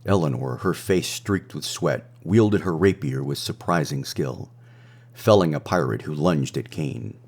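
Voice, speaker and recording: Brief: male narrator, husky and low, measured dramatic read. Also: animated, a little mellow. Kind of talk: scripted audiobook narration. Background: faint music.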